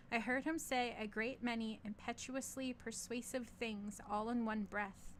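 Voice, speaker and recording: Higher-voiced woman reading a story aloud. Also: fairly bright tone, slight background noise. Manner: stumbles on foreign words and laughs at herself. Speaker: reader of stories.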